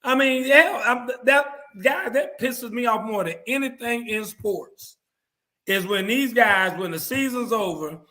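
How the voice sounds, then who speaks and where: A man's voice: very high voice, unhurried, bright, forceful tone. A man hosting a casual sports talk show, ranting bluntly with plenty of profanity. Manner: mimics others in quoted asides. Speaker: show host.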